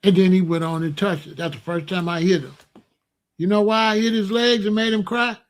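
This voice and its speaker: High-voiced man telling stories animatedly. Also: brisk. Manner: animated, folksy storytelling with loud exclamations. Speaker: online show host. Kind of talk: casual storytelling monologue.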